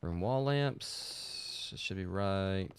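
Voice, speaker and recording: A man's voice: deep voice, animated, slow, clean tone. A man streaming a video game and chatting casually about it, rambling with lots of filler words and restarts. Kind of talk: casual gameplay commentary.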